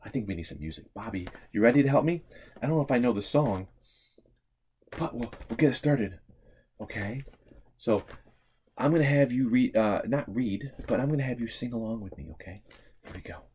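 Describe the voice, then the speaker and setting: A man teaching a remote preschool lesson, playful and animated, swinging from hushed to excited. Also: mid-range voice, a little fast, long pauses, a little hiss or hum.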